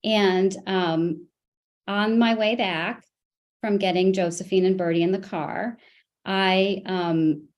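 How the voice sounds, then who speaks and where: Woman giving testimony in a custody hearing, halting and hesitant, lots of ums and restarts, mid pitch. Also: fairly even intonation. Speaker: parent testifying in a custody case. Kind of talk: court testimony.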